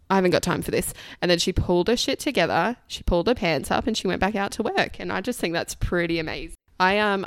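Young woman, twenties, frank and giggly, fry-heavy voice, dry close mic. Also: fairly low pitch, no echo. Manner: frank, laughs often, swears casually. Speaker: registered nurse guest. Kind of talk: casual podcast chat.

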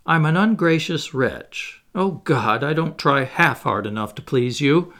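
A man's voice: fairly high pitch, animated, a little slow, fairly bright tone. A man reading aloud, voicing a young noblewoman who speaks with earnest, pleading tenderness. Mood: tender.

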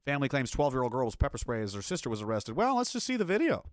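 A man's voice: medium pitch, wildly swooping pitch, rapid-fire, no room sound, studio quality. A man hosting a video commentary, ranting in an angry, blunt and profane way. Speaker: commentary host.

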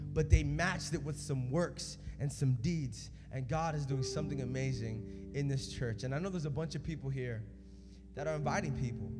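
A young man preaching at a church service, telling stories in an energetic, conversational way. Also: medium pitch. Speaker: youth preacher. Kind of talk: sermon. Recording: echoey hall with music behind.

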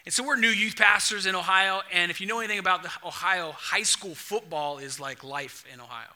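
Young male pastor, high bright voice, animated storyteller in the pulpit. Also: brisk. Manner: animated storytelling, acts out dialogue. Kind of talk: sermon.

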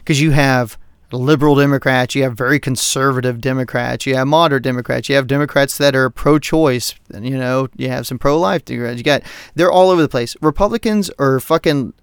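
A man co-hosting a podcast, ranting about politics in a heated, profane, animated way. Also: mid-range voice, brisk, clean tone, no room sound, clean studio sound. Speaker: podcast co-host. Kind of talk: casual political rant.

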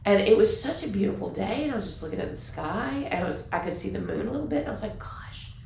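A woman co-hosting a podcast in casual chat, talking in an animated way with many fillers. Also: mid-range voice, racing, gravelly. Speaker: podcast co-host. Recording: roomy with faint background hiss.

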